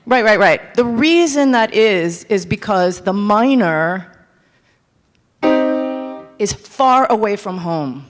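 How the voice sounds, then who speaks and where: A woman in her fifties, a composer teaching a master class to a live audience, animated, candid and self-mocking. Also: mid-range voice, slow, pauses often, soft background music. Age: 50s. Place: large hall with audience. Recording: echoey hall with instrument.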